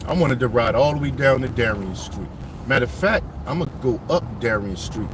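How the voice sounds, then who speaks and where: A man telling his life story to viewers as he drives around his old city neighborhood, animated and full of street slang. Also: medium pitch, brisk, noisy background.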